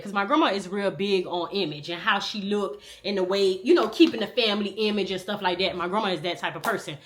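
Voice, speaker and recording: A young woman tells a raw personal story in loose, slangy talk. Her voice is bright and forward, and it jumps between loud bursts and low, muttered asides. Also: fast talker, few pauses.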